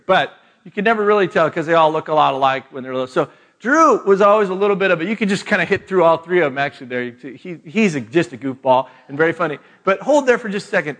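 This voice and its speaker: A middle-aged man with a fairly high, lightly raised voice tells a family story to a live crowd. He jokes at his own expense and chuckles along the way, in a loose, humorous retreat-talk manner. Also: fairly bright tone. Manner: storytelling with self-mocking jokes, laughing. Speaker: speaker.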